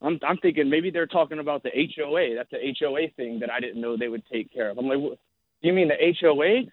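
A man's voice: medium pitch, steady tone, quick pace, no room sound. Man, radio caller, rambling story, chatty, tinny phone line, dry. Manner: rambling, chatty, many fillers. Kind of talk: telling a story on a call-in show.

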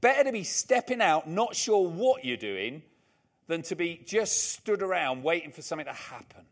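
An older male preacher whose voice sits a little high and swings widely as he leans into each point. He repeats his key phrases for emphasis and breaks off into chatty, joking asides to the congregation. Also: sing-song, normal speed. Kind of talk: sermon.

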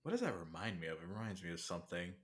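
A man's voice: sits low, big pitch swings, rapid-fire. A man chatting casually, reacting animatedly with laughter and disbelief. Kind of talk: casual chat.

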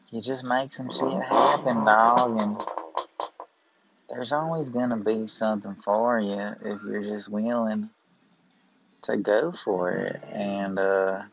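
A man's voice: lowish voice, vocal fry, a bit bright, muffled recording. A man hosting a rambling, casual podcast from inside a big-box store, in a put-on Southern accent, laid-back and swearing freely. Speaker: podcast host.

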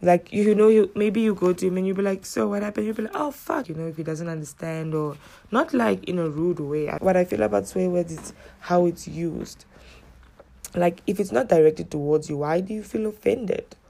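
A woman with a lowish, creaky voice speaks at normal speed, telling stories to camera in a casual, blunt rant. She swears heavily and animatedly acts out what people said.

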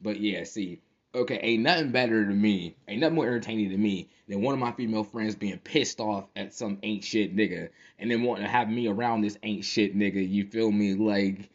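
A man's voice: fairly low pitch, a little fast, lo-fi sound. A man hosting a casual solo podcast, slangy and profane, often laughing as he tells stories. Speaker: podcast host.

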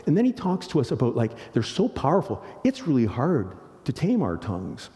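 Man, middle-aged pastor, sermon, mellow dark voice, long hall reverb. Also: mid-range voice, fairly quick. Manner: earnest, animated, rhetorical questions to the congregation.

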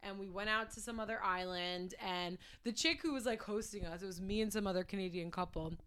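A woman co-hosting a casual chat, telling animated stories and swearing freely. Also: mid-range voice, fairly quick, clear, resonant tone. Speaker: podcast co-host.

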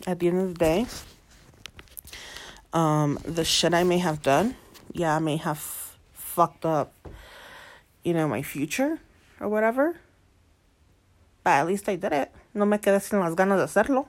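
A defiant woman in her late twenties rants about her life, swearing heavily and circling back to the same points. Her voice sits a bit low, and she drops into Spanish mid-sentence now and then. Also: lively intonation, measured pace, pauses often. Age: 20s. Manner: heavy swearing, defiant, repeats herself; switches between English and Spanish. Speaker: single mother. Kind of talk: venting monologue to camera.

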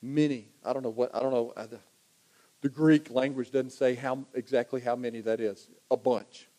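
A man's voice: mid-range voice, fairly even intonation, normal speed, mellow. A man preaching a sermon, talking conversationally and building to emphatic repetition. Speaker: pastor.

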